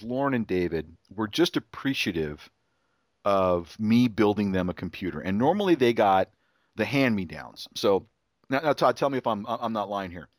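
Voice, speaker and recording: A man's voice: mid-range voice, no echo, clean studio sound. A middle-aged man, a podcast host, telling a rambling story in casual chat, restarting sentences and acting out his son's voice.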